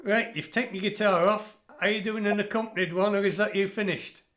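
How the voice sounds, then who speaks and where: A man hosting a folk club video call, jovial and brisk as he moves between performers. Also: high voice, fairly even intonation, fairly bright tone.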